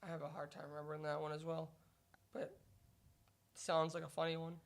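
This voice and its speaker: A young woman co-hosting a podcast, relaxed in casual sports chat, who reads out news items and stumbles over names. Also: deep voice, fairly quick, gravelly. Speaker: podcast co-host.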